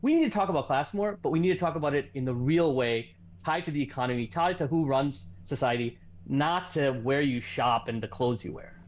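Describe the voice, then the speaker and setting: A man's voice: medium pitch, fairly quick, dull audio. A man taking part as an academic guest in a studio interview, arguing his points earnestly. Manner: earnest, argumentative.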